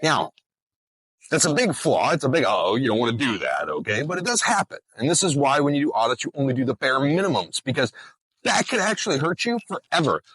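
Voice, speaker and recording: Animated, joking man with husky voice. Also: fairly high pitch, fairly quick, no echo. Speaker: trucking compliance host. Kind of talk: casual vlog explainer. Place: outdoors in bright sun.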